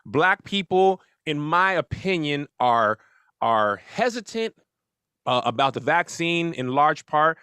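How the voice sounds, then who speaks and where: A man's voice: fairly high pitch, very animated, takes it slowly, bright, forceful tone, smooth, dry recording. A man hosting a talk show in a loose, joking way, introducing a guest and asking questions. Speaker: host.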